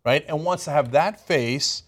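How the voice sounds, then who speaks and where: Male co-host, slightly high voice, animated and mocking, casual political commentary. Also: unhurried, breathy edge. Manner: animated, mocking, mimics people in sing-song voices.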